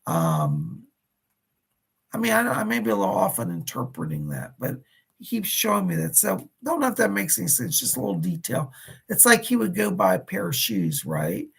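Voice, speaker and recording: Very gravelly, husky male psychic host. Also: a little high, wildly swooping pitch, normal speed. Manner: chatty, addresses viewers by name, relays spirit messages. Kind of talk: live-streamed psychic readings.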